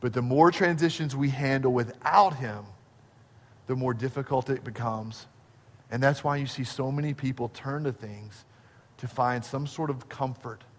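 A man's voice: medium pitch, fairly even intonation, unhurried. Man preaching in a reverberant hall. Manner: preacherly, rising and falling emphasis, repeats phrases. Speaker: pastor. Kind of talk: sermon.

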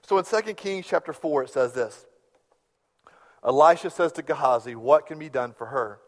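A man preaching a sermon, telling stories and swinging from hushed tones to loud bursts. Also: on the high side, moderate pace. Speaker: pastor. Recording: long hall reverb.

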